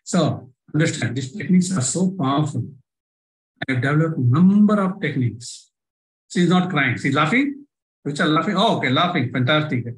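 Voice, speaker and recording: A man's voice: on the high side, lively intonation, moderate pace, poor audio. A man with an Indian English accent leading a live online workshop by video call, coaxing listeners through exercises with lots of repetition. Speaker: workshop trainer.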